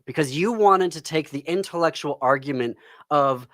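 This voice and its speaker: A man hosting a podcast, ranting with anger about politics, breaking off with sighs and pauses. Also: a little high, a bit bright, no echo, studio quality. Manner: angry, pauses and sighs, near tears. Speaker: podcast host. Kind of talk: impassioned political commentary. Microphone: close studio microphone.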